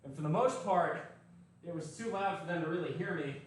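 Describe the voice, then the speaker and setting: A man's voice: a little high, a little fast, a little hiss or hum. A man with a mild Southern US accent chatting casually and profanely while training at the gym. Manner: rambling, profane, joking. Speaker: lifting vlogger. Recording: very echoey room, from far off.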